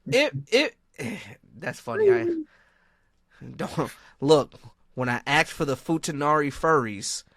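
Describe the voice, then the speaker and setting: A man co-hosting a podcast, telling stories in casual chat, animated and laughing often, swearing freely. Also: on the high side, takes it slowly, no room sound, studio quality. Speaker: podcast co-host.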